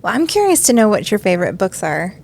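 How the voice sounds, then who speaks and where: A woman's voice: mid-range voice, very animated, quick pace, vocal fry, darkish tone, slight background noise. A woman hosting a podcast, asking questions in a bubbly, curious way. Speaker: podcast host. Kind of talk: casual interview chat.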